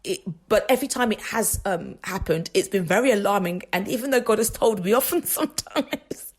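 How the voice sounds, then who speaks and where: A woman's voice: on the high side, animated, normal speed, breathy edge. A woman hosting a faith radio show, telling personal stories in a chatty, rambling way with frequent laughs and restarts. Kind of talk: casual faith talk monologue.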